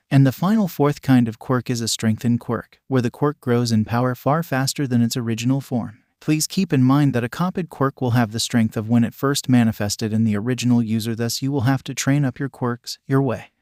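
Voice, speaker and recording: A man's voice: medium pitch, darkish tone, no room sound. Man reading fan fiction, dry and close. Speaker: narrator.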